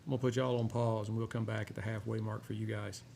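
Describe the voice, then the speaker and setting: A man from Texas with a drawl, hosting a cigar review show and chatting in a rambling, relaxed way with many filler words. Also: lowish voice, fast talker, vocal fry. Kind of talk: casual chat while smoking a cigar. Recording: faint background noise.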